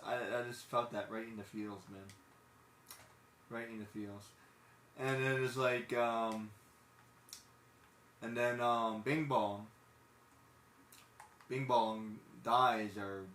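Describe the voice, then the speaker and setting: A man's voice: mid-range voice, steady tone, unhurried, long pauses, a bit bright. A man streaming a game live, chatting in a rambling, earnest way and gushing openly about a film that moved him. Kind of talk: casual chat while playing a game live. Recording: roomy echo with faint background ambience.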